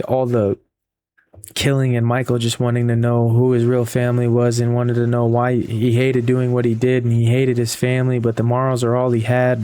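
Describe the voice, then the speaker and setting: Flat-toned man rambling through a review. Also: mid-range voice. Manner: rambling retelling with frequent repeats and fillers. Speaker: book reviewer. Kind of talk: casual spoken book review.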